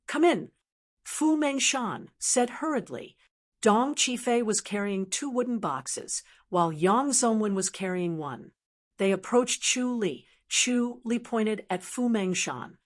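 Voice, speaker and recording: A woman narrating a martial arts audiobook in an even, measured storytelling manner. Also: medium pitch. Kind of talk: scripted narration.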